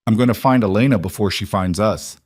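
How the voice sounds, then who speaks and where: A man's voice: fairly low pitch, brisk, a little mellow, breathy edge, dry recording, studio quality. A man reading a commanding male mafia boss who gives clipped, urgent orders.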